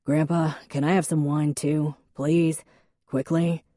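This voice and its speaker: A woman's voice: low voice, flat delivery, slow pace, mellow, dry recording, clean studio sound. A woman voicing a cheeky, wisecracking teenage nephew in an audiobook.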